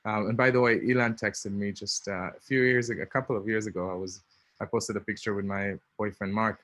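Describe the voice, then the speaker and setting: A man in his thirties with an Israeli accent tells a personal story in a chatty way, full of ums and small laughs. His voice sits on the low side. The recording is dry and close, with no room sound. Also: steady tone, brisk, fairly bright tone, no room sound. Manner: chatty, many ums, laughs between lines. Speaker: speaker.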